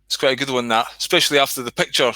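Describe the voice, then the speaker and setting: A man's voice: mid-range voice, fairly even intonation, rapid-fire, bright, forceful tone, no room sound. A Scottish man hosting a casual, rambling livestream chat, swearing now and then and greeting viewers by name. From Scotland. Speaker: livestream host.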